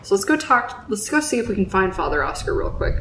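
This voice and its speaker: A woman's voice: medium pitch, very animated, brisk, a bit bright, distant mic, slight background noise. Giggly Southern woman gaming. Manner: giggly, self-mocking asides. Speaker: Let's Play host. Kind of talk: gameplay commentary. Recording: roomy echo.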